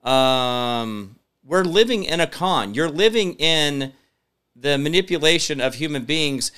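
A man's voice: on the high side, expressive, measured pace, bright, forceful tone, clear, resonant tone. A man hosting a live-stream show, talking emphatically and reading viewer comments, rambling with many fillers. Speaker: show host.

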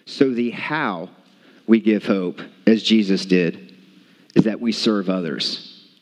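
A man's voice: on the low side, slow. A man preaching a sermon to a congregation, emphatic and repeating his key points. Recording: long hall reverb.

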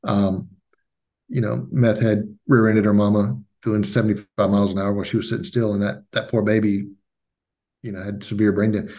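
A man hosting a podcast interview. He speaks in a somewhat low voice and in a halting, earnest way, often circling back on his words. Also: flat delivery, mellow. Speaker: podcast host. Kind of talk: casual interview talk.

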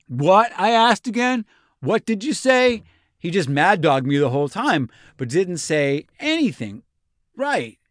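A man's voice: high-pitched, sing-song, unhurried, no room sound, studio quality, pitched above the performer's own voice. A man voicing a breathless, rambling young Roman envoy who talks like a slang-heavy, swearing bro. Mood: breathless, excited. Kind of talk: comic reenactment in a podcast.

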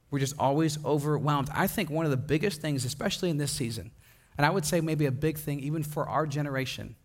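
A young man from Wisconsin preaching a casual sermon, telling stories with laughter and acting out the people in them. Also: on the high side. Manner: animated, laughing, acts out voices of people in his stories. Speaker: pastor. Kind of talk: sermon with storytelling.

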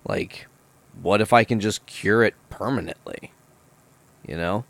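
A young adult man hosting a podcast, telling stories in a casual, profane, animated way. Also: lowish voice, a little slow, gravelly, no room sound. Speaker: podcast host. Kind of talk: casual podcast chat, storytelling.

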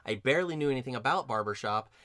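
A man in his forties hosting a chat, telling stories in an animated way. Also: racing, dry recording, clean studio sound. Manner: animated storyteller, rises in pitch when excited. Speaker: host, barbershop singer. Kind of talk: conversational interview.

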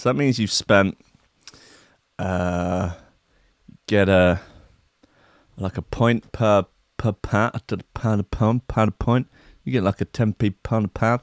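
A young man with a lowish voice hosts a comedy podcast, rambling and swearing as he riffs on news stories and slips into mock voices. He speaks slowly with frequent pauses. The recording is dry and studio quality.

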